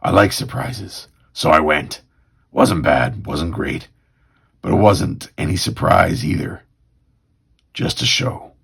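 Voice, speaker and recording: Wolverine, a man growling gruff and gravelly. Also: sits low, expressive, takes it slowly, pauses often, fairly bright tone, heavily acted. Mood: wry. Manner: terse, wry tough-guy inner monologue. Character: gruff mutant loner hero, middle-aged man, sardonic.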